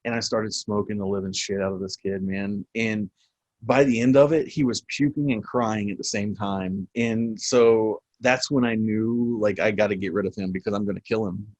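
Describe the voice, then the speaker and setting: In a casual storytelling interview, a military veteran guest, a man in his forties with a fairly low voice, tells old service stories at a moderate pace. He's a profane, animated storyteller who laughs often. The recording is close and dry, with no echo or room sound.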